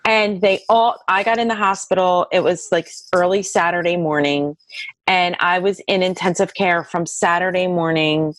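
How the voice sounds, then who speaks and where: Lower-voiced woman, lively storyteller. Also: no room sound. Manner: lively, acts out dialogue in high voices, many "like" fillers. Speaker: guest telling her near-death story. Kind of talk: personal storytelling in an interview.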